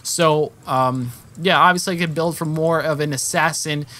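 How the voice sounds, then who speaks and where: A young man with a fairly high voice and moderate pace rambles through casual commentary over his own gameplay. He corrects himself often and jumps up in excitement when the action picks up.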